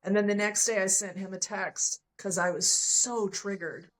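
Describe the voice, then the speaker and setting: A woman's voice: mid-range voice, fairly even intonation, normal speed, rough recording. A woman guest on a podcast, telling a personal story candidly and emotionally, acting out the lines of the people in it. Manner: earnest, emotional, acts out quoted dialogue.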